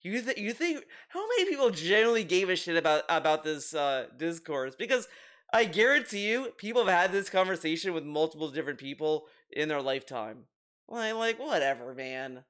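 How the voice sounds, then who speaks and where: A man's voice: a little high, sing-song, brisk, fairly bright tone. A man hosting a commentary video, talking casually and profanely, often repeating words and restarting his sentences.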